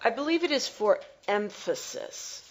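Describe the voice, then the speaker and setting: Slow, deliberate woman teacher. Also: a little high, expressive, low-quality recording. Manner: slow, deliberate, pausing to explain and reread. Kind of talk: slow close-reading lesson.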